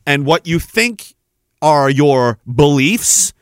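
A man's voice: fairly high pitch, animated, slow pace, clean tone, dry recording, studio quality. A man hosting a podcast, delivering a profane, rambling monologue rant. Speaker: podcast host. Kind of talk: ranting monologue.

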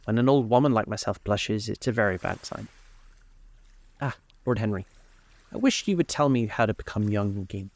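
A man voicing an older aristocratic woman, fussy and chattering, in a gravelly voice. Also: fairly low pitch, expressive, normal speed, a little mellow, dry recording. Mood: coy. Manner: flustered and chattering.

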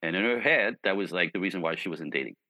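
A man's voice: deep voice, fast, no room sound, low-quality recording. A man guest giving relationship advice in a conversational way, telling stories with lots of "you know" and "right?". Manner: animated storyteller.

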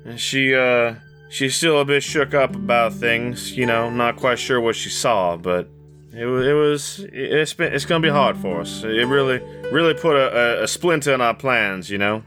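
A man voicing a shaken rural uncle with a drawl, speaking in halting, folksy dialect full of restarts. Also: mid-range voice, pushed and bright, soft background music, close to an everyday voice.

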